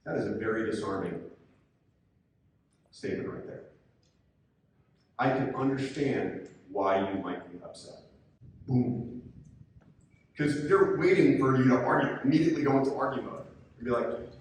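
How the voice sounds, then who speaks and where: A man giving a calm, coaching conference presentation, sometimes acting out angry coaches. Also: medium pitch, moderate pace, long pauses. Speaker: presenter, sports official. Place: conference room. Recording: echoey hall from far off, faint noise.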